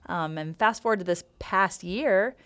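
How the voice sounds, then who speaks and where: A woman's voice: mid-range voice, unhurried, fairly bright tone. A middle-aged woman co-hosting a faith podcast, telling a personal story with playful humor. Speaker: podcast co-host.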